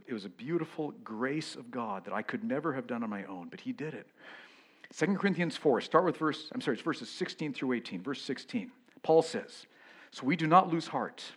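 A middle-aged male pastor preaching a sermon, moving between loud exclamations and hushed whispers. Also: medium pitch, lively intonation, brisk, husky.

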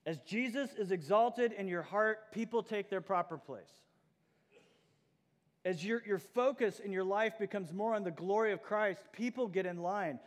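A man's voice: high voice, moderate pace, long reverb tail. A man preaching a sermon as pastor, earnest and emphatic. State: out of breath.

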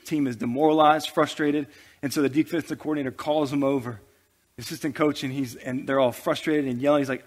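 A man's voice: mid-range voice, steady tone, a little fast. A male pastor preaching a sermon to his church, building intensity with humorous asides.

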